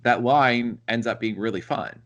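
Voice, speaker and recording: A man's voice: mid-range voice, moderate pace, fairly bright tone. A man co-hosting a casual book discussion, thinking aloud with many "like" and "you know" fillers. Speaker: podcast co-host.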